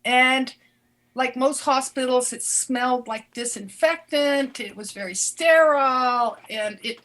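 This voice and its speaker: An older woman and former doctor telling a personal story in an interview, earnest and halting, often restarting her words. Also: fairly high pitch, a bit bright.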